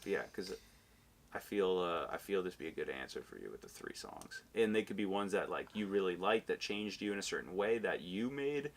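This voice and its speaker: A man's voice: deep voice, lively intonation, a little fast. A man hosting a podcast, asking questions in a laid-back, agreeable way with plenty of fillers. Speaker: podcast host. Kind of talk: casual interview.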